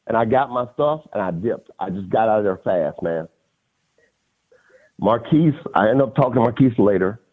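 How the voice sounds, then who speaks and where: A man in his fifties, a podcast guest, telling stories in a casual, animated way, often laughing and repeating phrases. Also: fairly low pitch, normal speed. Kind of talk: casual storytelling. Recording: phone-like lo-fi audio.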